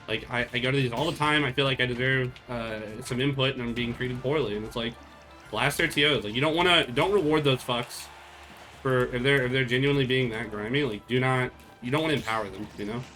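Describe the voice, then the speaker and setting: A man's voice: mid-range voice, a little fast, bright, forceful tone, soft background music. A young man streaming, chatting casually with viewers in a blunt, profane, rambling way.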